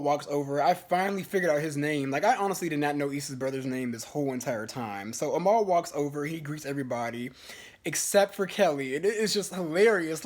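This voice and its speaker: A vlogger giving a casual, profane, gossipy TV episode review, full of fillers and restarts. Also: medium pitch. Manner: chatty, blunt, profane, gossipy; fillers and restarts, lively swings in loudness.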